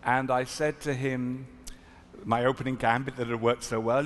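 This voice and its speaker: A man from South Africa, a rabbi, telling a story at a panel in an earnest, reflective, halting manner. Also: medium pitch, flat delivery. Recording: echoey hall, faint noise.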